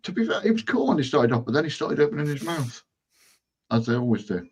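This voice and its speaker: A man's voice: on the high side, big pitch swings, fast, darkish tone, breathy edge. A man co-hosting a casual podcast, sardonic and profane, often murmuring agreement. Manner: sardonic, frequent backchannel agreement, swears. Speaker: podcast co-host. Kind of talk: casual chat.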